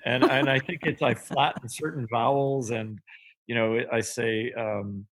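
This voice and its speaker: A middle-aged man with a Canadian accent, answering as an interview guest in a measured, thoughtful way. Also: mid-range voice, steady tone, a bit bright. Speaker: guest, business strategist. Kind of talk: podcast interview.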